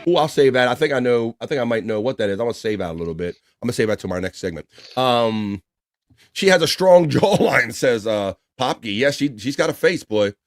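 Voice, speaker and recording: A man's voice: mid-range voice, lively intonation, fast, dry recording, clean studio sound, faint music behind. Wisecracking man hosting a livestream. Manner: laughing often, wisecracking. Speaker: livestream talk show host. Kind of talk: casual chat reading viewer comments.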